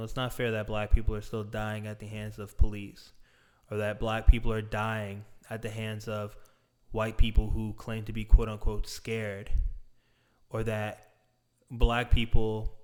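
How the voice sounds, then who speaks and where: A man giving an earnest monologue straight to his viewers, deliberate and emphatic, drawing out the words he stresses. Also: on the low side, clean tone. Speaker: speaker addressing viewers. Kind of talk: earnest direct-address monologue.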